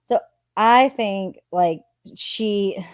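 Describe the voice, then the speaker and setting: A woman's voice: mid-range voice, drawn-out words, no echo, studio quality. A woman casually reading out text messages and adding her own blunt asides. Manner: chatty, reads messages aloud with asides. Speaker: true crime commentator.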